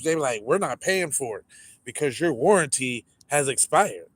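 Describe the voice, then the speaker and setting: A man casually telling a story, animated and full of swearing, acting out the people in it. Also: on the high side, moderate pace, no room sound. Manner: animated, profane, acts out the people in his story. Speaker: podcast storyteller.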